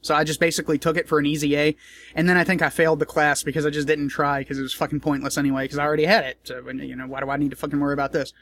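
A man's voice: a little high, little pitch movement, very fast, fairly bright tone, a little hiss or hum. A man in a casual commentary vlog, talking in a rambling, profane, joking way. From United States.

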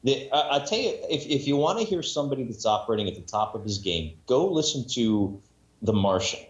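A man's voice: mid-range voice, very animated, fairly quick. A man in casual podcast chat about narrating audiobooks, rambling with many restarts and self-mocking asides. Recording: echoey room, dull lo-fi sound.

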